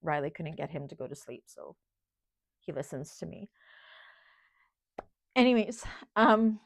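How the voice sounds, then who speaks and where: A middle-aged woman, a channel host in casual livestream chat, talking in a heartfelt, halting way with many ums while holding back tears. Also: low-pitched, expressive, vocal fry, no echo, clean studio sound. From Canada.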